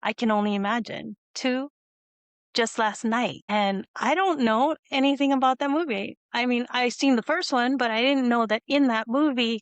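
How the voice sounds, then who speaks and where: Hosting a video-call interview, a woman with a fairly high voice tells a long personal story, rambling and tearful but laughing often. The recording has no echo, and the talk is emotional, conversational storytelling.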